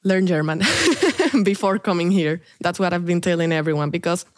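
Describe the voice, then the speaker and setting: Woman from Colombia, native Spanish speaker, low voice, dry close sound, laughs often, casual guest chat. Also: normal speed, no room sound. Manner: chatty, laughs often, many "like" fillers. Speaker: interview guest, international student.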